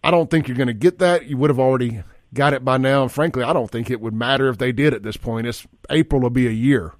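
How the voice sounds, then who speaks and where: A man's voice: medium pitch, fast talker, no echo, studio quality. A man hosting a radio talk show, rambling in a folksy way with frequent restarts. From Mississippi. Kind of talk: casual talk radio monologue. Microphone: studio microphone.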